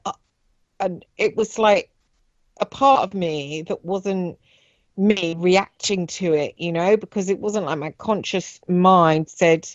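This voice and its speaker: A woman guest on a radio show, recounting a personal experience in a halting way as she searches for words. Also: on the low side, a little mellow, no echo, lo-fi sound.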